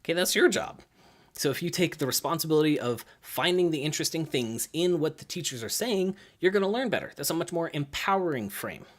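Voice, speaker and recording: A young adult male gymnastics coach chats about coaching directly to the camera, a little fast. Energetic and full of verbal fillers, he imitates the kids by pitching his voice higher.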